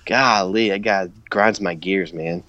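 A man's voice: low-pitched, a little slow, muffled recording. A man in his thirties, chatting casually as a podcast co-host, telling stories with lots of energy and frequent laughter. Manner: animated storyteller, laughs often. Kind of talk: casual chat.

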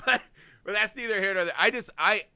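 Animated guy on a podcast, bright voice, really dry close sound. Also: sits high, a little fast, no echo. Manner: animated, swears freely, jumps into shouted impressions. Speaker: podcast co-host. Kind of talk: casual chat about movies.

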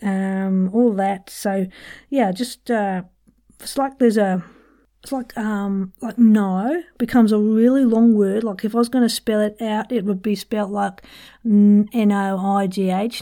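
A woman's voice: medium pitch, fairly even intonation, measured pace, dark tone. Chatty woman giving a lesson. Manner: chatty and playful, self-deprecating with frequent laughs. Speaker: voice and accent coach, podcast host. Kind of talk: casual podcast accent lesson.

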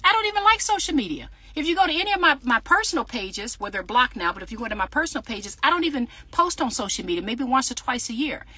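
A woman's voice: on the high side, sing-song, quick pace, hardly any pauses, bright, forceful tone, slightly rough, dry recording. Fervent woman preaching live from her car. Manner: fervent, talks straight to viewers, reads out comments. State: sweating in a hot car. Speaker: faith podcaster and author. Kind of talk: casual livestream preaching. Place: parked car. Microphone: phone livestream.

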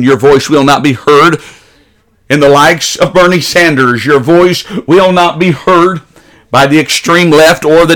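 A man's voice: on the high side, a bit bright. Emphatic man delivering a political monologue. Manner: emphatic, preachy, rising to urgent peaks. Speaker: political commentator. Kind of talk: opinion monologue.

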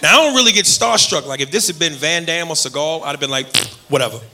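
Male comedian, high voice, loud and profane, shouting bits, club stage, echoey room, crowd laughter. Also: animated, quick pace, slight background noise. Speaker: stand-up comedian. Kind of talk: stand-up routine.

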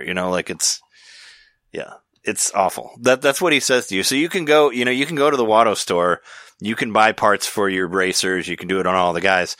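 A man's voice: lowish voice, a little fast, pushed and bright, dry recording, clean studio sound. A man hosting a podcast, chatting casually in a rambling way, with many restarts and easy laughs. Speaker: podcast host. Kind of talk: casual chat.

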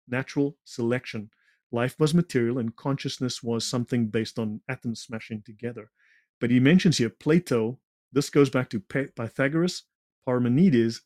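A man's voice: medium pitch, darkish tone, no echo. Dry-voiced man lecturing with sarcastic asides. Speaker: guest presenting slides. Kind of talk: lecture-style talk in a conversation.

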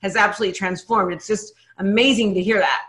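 A woman hosting a podcast in casual interview chat, upbeat, talking in quick bursts with many restarts. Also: medium pitch, fairly bright tone, reverberant. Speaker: podcast host.

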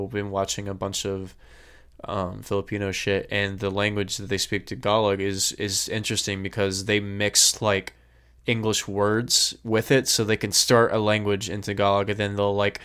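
A man's voice: lowish voice, fairly bright tone, clear, resonant tone. A man co-hosting a podcast, chatting casually and swearing freely. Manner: laid-back, swears casually. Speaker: podcast co-host. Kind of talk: casual chat.

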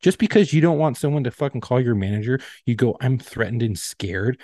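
Male podcast co-host, rapid-fire swearing storyteller, dry close sound. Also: medium pitch, expressive, warm tone, no echo. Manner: fast, profane ranting storyteller. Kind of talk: casual podcast chat.

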